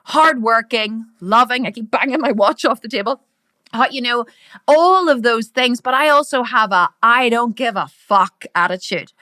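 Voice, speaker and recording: Irish woman, middle-aged, loud and brash, sharp bright voice, dry close sound. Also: on the high side, animated, moderate pace, dry recording. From Ireland. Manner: loud, brash, swears freely. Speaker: business coach. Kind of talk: live training talk.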